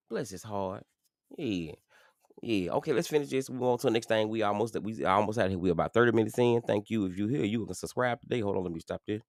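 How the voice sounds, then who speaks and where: A man with a low voice runs a live stream, talking straight to his viewers with preachy, animated energy. The sound is dry and close, with no room around it. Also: fast, vocal fry, no echo. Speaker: livestream host. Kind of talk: livestream commentary.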